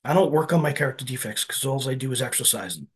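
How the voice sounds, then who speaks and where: Earnest man with a husky voice. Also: medium pitch, animated, fast talker. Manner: earnest, conversational, keeps asking "right?". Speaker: speaker sharing at a recovery meeting. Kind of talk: personal share at a meeting.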